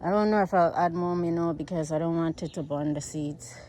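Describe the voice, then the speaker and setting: A woman's voice: on the low side, fairly quick, warm tone. An American woman chatting casually to her viewers while gardening outdoors, out of breath from digging in the heat. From United States. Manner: chatty, rambling, addresses viewers as guys. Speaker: vlogger. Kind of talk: casual farm vlog. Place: outdoors on a farm.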